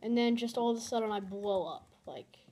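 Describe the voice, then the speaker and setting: A woman's voice: a little high, fairly quick, dark tone, slight background noise. A young woman giving casual, dramatic commentary over her own gameplay. She is easily flustered and repeats her exclamations. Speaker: gamer.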